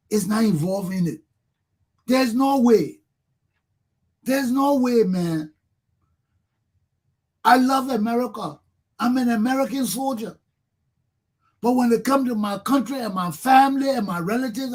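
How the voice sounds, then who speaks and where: A middle-aged man with a Liberian accent speaks in a fervent talk-show monologue. His voice sits high and has a husky edge. He drives his points home with repeated rhetorical questions. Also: a little mellow. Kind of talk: impassioned monologue.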